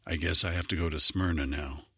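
A man's voice: deep voice, moderate pace, bright, forceful tone, no echo, studio quality. A man voicing a tired, grumbling village merchant in a storybook reading. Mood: weary. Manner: gruff, tired. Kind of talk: storybook character voice.

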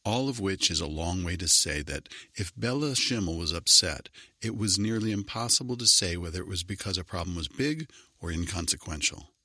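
Male storybook narrator, very low voice, husky, lively, dry close sound. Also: fairly quick, few pauses, no room sound. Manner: expressive, wry.

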